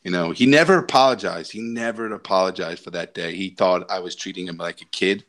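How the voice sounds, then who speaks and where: A young man with a lowish voice spins a rambling story in casual podcast chat. He talks loosely, full of ums and likes, and breaks into laughter as he goes. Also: a little fast, fairly bright tone. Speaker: podcast co-host.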